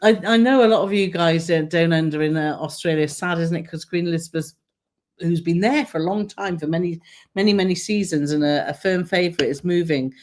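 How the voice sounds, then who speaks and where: A woman's voice: fairly low pitch, a little fast, darkish tone. A woman co-hosting a travel live stream, chatting casually and reading out viewer comments with frequent laughter. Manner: chatty, laughs often, reads comments aloud.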